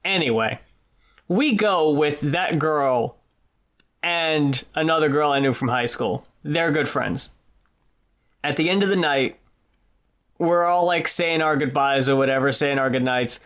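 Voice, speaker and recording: A podcast co-host telling a story in casual chat, animated and swearing freely. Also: mid-range voice, a little slow, pauses often. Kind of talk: casual chat about music.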